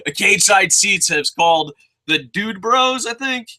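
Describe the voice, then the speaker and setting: Male show host reviewing wrestling; high, sharp-toned, excitable, swears a lot, rambles with restarts. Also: measured pace. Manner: excitable, profane, swings into loud shouting. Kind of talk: casual ranting show review.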